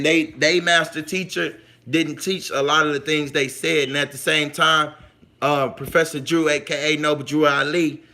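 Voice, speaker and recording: A man hosting a casual livestream who answers his chat in loose, slangy talk. His voice sits a little high for a man, and he leans on repetition to drive points home. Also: bright, forceful tone. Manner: loose, slangy, talks straight to viewers; emphatic, repeats points for weight. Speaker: livestream host reading the chat.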